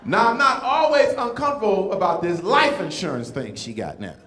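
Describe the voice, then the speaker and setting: A man performing stand-up with a high, lively voice that swoops up and down. He jokes as a comedian and pastor and keeps checking in with the crowd. The sound is echoey, as if from a big room. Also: brisk, slight background noise. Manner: animated, teasing the audience with repeated "right?".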